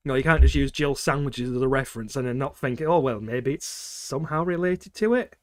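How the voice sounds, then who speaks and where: Here a man with a mid-range voice talks a little fast while streaming games. His casual livestream chat is a rant peppered with frequent swearing and laughter between points.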